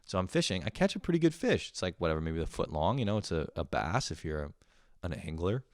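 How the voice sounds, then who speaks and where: A man's voice: low-pitched, sing-song, quick pace, dry recording, studio quality. A young man telling a rambling, profane story in a casual monologue, often laughing at himself. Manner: rambling, swears a lot, laughs at his own stories. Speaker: podcast host.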